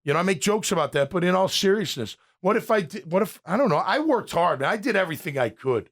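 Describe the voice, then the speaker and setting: A man's voice: high-pitched, very animated, fast. A man in his fifties, a former pro player hosting a sports talk show, ranting in a fired-up way and often restarting his sentences. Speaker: podcast host and former pro linebacker.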